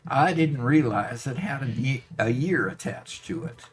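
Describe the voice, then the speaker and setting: A man's voice: mid-range voice, expressive, measured pace. A man hosting a gaming livestream, chatting casually with an easygoing, wry manner. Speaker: streamer host.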